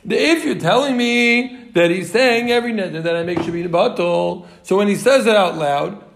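A man teaching a Talmud class, animated and quick, repeating points for his students. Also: high voice, vocal fry, slight background noise.

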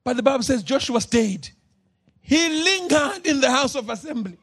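A man preaching a sermon as pastor, moving between shouted, drawn-out lines and low, quiet asides. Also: lively intonation, breathy edge.

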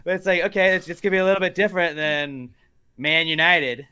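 Bright-voiced man ranting casually. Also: a little high, little pitch movement, fast, smooth. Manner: ranting, rambling, many fillers. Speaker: podcast co-host. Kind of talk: casual chat.

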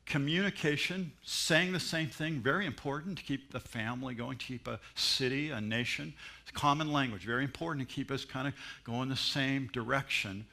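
Animated, bright-voiced male pastor. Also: mid-range voice. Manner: animated storytelling with mimicry and laughs. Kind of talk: sermon.

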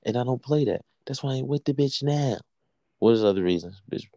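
A man in his thirties telling a story in a casual, profane, animated chat, worked up and blunt. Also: mid-range voice, brisk, no room sound.

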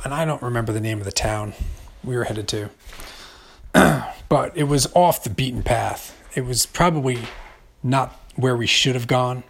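A man's voice: medium pitch, vocal fry, a little hiss or hum. A man hosting a podcast, telling a travel story in a wry, rambling monologue full of fillers. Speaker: podcast host.

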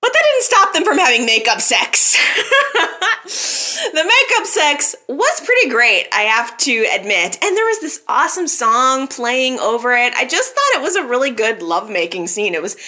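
A woman's voice: high voice, very animated, normal speed, bright, forceful tone. A woman hosting a casual recap podcast, chatting animatedly and talking straight to her listeners. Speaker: soap opera recap podcast host.

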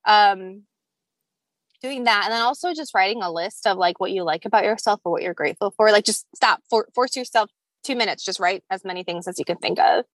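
A woman's voice: mid-range voice, fairly quick, no echo. Young woman, podcast guest, girly valley-girl delivery, dry recording. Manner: valley girl talk, lots of "like" and "you know". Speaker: guest, skincare founder. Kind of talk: casual podcast interview.

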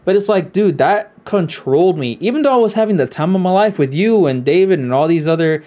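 A man's voice: high-pitched, expressive, brisk, warm tone. A man co-hosting a podcast in casual chat, telling stories laid-back with some swearing. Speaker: podcast co-host.

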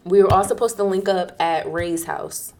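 A young woman telling a casual story in an animated, profane way, acting out the people she quotes. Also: normal speed, creaky. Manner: acts out quoted people in a higher, louder voice.

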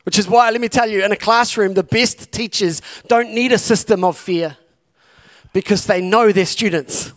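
A man's voice: sits high, normal speed. A man preaching a sermon as campus pastor, urging his listeners on with impassioned, repeated calls. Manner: impassioned, repetitive exhortation.

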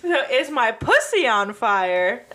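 A woman with a fairly high voice recaps a story in casual chat. She tells it with animation, acting out each quote, laughing often and swearing freely. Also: sing-song, takes it slowly, a crowd in the background. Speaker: podcast co-host.

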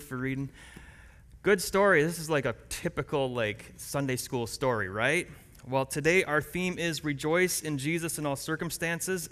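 A man's voice: a little high, fairly bright tone. A man in his thirties preaching a sermon as pastor, telling the story vividly with asides to the congregation. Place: church. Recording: long reverb in a church hall.

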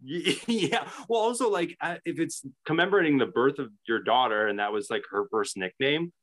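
A man's voice: a little high, normal speed, fairly bright tone. A man co-hosting a podcast, telling a story in casual chat with many restarts. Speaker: podcast co-host.

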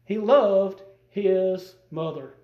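A man with a strikingly high voice preaching a sermon in a folksy, emphatic way. His voice rises in bursts of emphasis. It rings out in an echoey church sanctuary. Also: drawn-out words, dull audio. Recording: echoey room.

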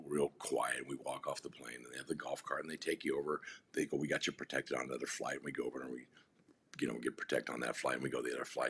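A man with an extremely deep voice tells loose, rambling stories in a casual podcast chat. He often stops and restarts his sentences. A faint hum sits behind him. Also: fairly bright tone. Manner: rambling anecdotes with many restarts. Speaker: guest.

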